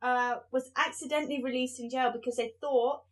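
A woman with a high voice co-hosts a chatty podcast. She tells short anecdotes and teases her co-host with quick, witty banter. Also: steady tone, a little hiss or hum. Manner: quick-witted, teasing banter. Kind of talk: casual chat.

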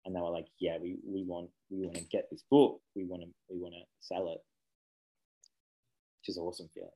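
A man's voice: sits low, level tone, fairly quick, warm tone, poor audio. A man, a children's book author chatting casually in an interview, rambling and self-correcting, laughing easily.

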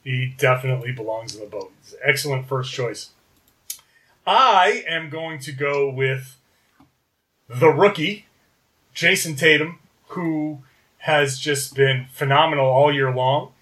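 A man's voice: mid-range voice, takes it slowly, bright, forceful tone. A man co-hosting a casual sports podcast, running through stats and correcting himself as he goes. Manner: reads off stats, self-correcting. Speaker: podcast co-host.

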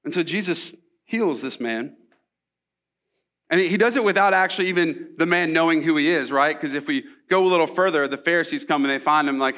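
A man's voice: on the high side, brisk, fairly bright tone. A young man preaching a sermon in a casual, storytelling way, with asides and rhetorical questions. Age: young adult. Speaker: pastor.

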